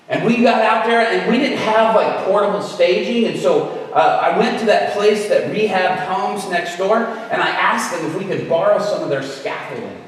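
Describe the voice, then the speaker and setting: Man, storytelling preacher, acts out voices, shouted bursts, very roomy reverb. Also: sits high, expressive, normal speed, hardly any pauses. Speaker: guest preacher. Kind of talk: storytelling sermon. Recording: roomy hall, far from mic.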